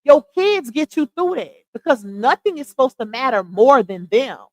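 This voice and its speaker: A middle-aged woman hosts a casual live stream, talking straight to her viewers. Her voice sits fairly high and her delivery is chatty and animated. The sound is dry and close, with no room echo. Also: moderate pace. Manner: chatty, animated, addresses viewers as y'all and child. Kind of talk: casual chat commentary.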